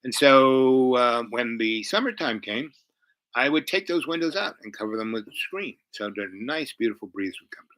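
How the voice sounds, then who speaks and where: A man's voice: mid-range voice, normal speed, no echo, poor audio. A man telling a long personal story in a rambling, casual way, full of fillers and asides. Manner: rambling, heavy on fillers, animated.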